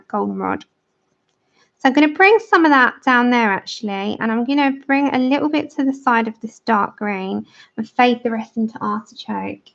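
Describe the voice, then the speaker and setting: A woman's voice: a little high, gravelly, lo-fi sound. A woman with a London accent hosting a colouring livestream, chatting with viewers and talking them through each step as she works. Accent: London English.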